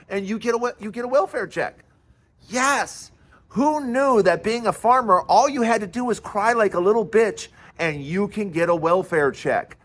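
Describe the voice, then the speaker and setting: High-voiced man in a profane, sarcastic rant. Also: a little slow. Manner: fiery, scornful. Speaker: political commentary host. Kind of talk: ranting political commentary.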